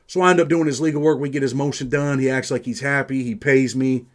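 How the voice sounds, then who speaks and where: A man's voice: mid-range voice, steady tone, quick pace. Streetwise New man telling stories. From New York. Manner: streetwise, profane, peppers speech with "man". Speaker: host. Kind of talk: casual first-person storytelling.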